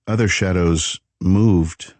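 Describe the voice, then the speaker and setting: A man reading a thriller audiobook in calm, measured narration. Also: low-pitched, no echo. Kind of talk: scripted narration.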